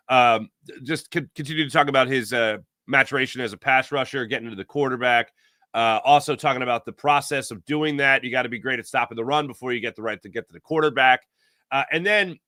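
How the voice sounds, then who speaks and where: A man hosting a casual sports talk show, rambling and animated, acting out imagined quotes. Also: medium pitch, dry recording, studio quality.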